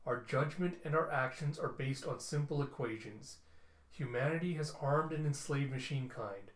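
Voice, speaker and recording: Man voicing stern ancient robots delivering slow verdicts, echoey room. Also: medium pitch, lightly acted. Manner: slow, measured pronouncements. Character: cold ancient machine collective, stern judges.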